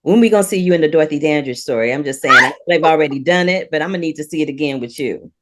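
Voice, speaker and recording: A woman's voice: low voice, rapid-fire, very noisy. A woman podcast host and film critic interviewing a guest, enthusiastic and playful. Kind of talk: interview questions.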